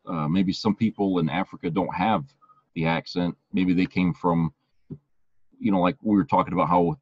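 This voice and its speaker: A man's voice: sits low, fairly even intonation, moderate pace, breathy edge, no echo, lo-fi sound. A man co-hosting a podcast in casual, rambling chat, often restarting his phrases. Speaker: podcast co-host.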